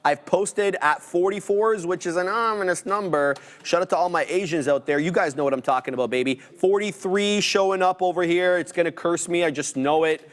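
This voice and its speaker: A man co-hosting a live trading stream, calling out prices and orders with joking, relaxed banter. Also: high voice, brisk, hardly any pauses. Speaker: trading show co-host.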